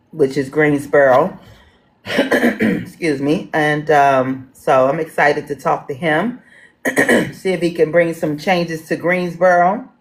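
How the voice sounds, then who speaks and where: A woman with a Washington D.C. accent moderating a livestream town hall, chatting folksy and casual with viewers. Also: low-pitched. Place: home in Washington D.C.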